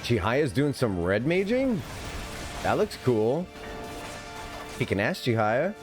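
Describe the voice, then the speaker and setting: A man's voice: mid-range voice, sing-song, slow, over music. A man streaming himself playing an online game, chatting to viewers and teammates in a loose, giggly way. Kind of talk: live gameplay commentary.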